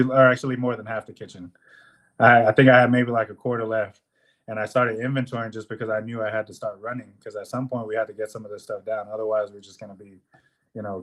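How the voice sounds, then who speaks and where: A young man co-hosting a podcast, telling a work story in a casual, animated way, swearing often and acting out what people said. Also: mid-range voice. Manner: animated, profane, swears often, acts out quotes. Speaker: podcast co-host.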